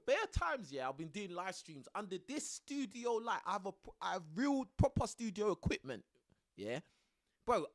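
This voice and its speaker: A young man talking on a live stream from his room at home, his voice riding high and swinging widely as he jokes and laughs between slang-heavy stories. He sounds loose and conversational, like he's talking straight to his chat. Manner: animated, laughing often, slangy. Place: home room under a studio light.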